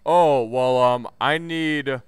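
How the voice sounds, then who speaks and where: A man's voice: medium pitch, slow, clean tone, no room sound, lightly acted. A young man imitating his fussy, dithering mother in a whiny voice. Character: fussy middle-aged mother, set in her ways.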